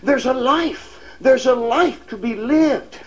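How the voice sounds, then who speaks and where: A man preaching a sermon with impassioned emphasis, often pushing his voice to a shout and dropping "uh" between phrases. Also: very high-pitched, lively intonation, takes it slowly, rough recording. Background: faint congregation responses.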